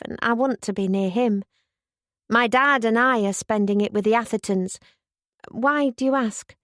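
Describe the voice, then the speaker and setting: A woman's voice: a little high, no room sound, close to an everyday voice. A woman voicing a level-headed young woman with a dry, good-humoured manner.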